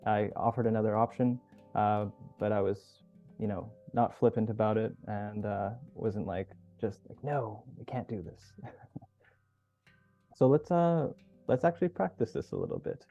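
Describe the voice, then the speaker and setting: A man hosting a group video call as coach, teaching in a relaxed, casual way. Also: lowish voice, normal speed, creaky. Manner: relaxed, casual, swears now and then. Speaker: workshop host and coach. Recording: dull lo-fi call audio with faint music.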